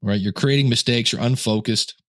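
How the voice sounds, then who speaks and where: Middle-aged male podcast host, jokey and animated, mid pitch, close dry sound. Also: a little fast, no room sound. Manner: joking, animated, acts out little scenes. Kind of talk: casual talk.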